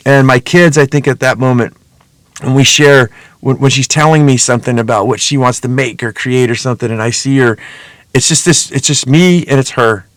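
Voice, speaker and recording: A man's voice: mid-range voice, a little fast, dry recording. A middle-aged man hosting a podcast, talking in a casual, rambling, earnest monologue full of swearing. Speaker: podcast host.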